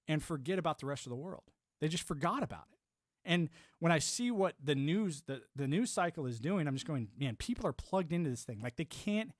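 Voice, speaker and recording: Forties guy ranting on stream, swears a lot, rambly, kinda high voice, dry sound. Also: no room sound. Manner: rambling, profane, heavy on "you know". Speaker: live streamer. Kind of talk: ranting monologue.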